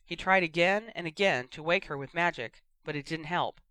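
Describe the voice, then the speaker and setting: An audiobook narrator giving a steady, expressive reading of a fiction story. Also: mid-range voice, moderate pace, no room sound.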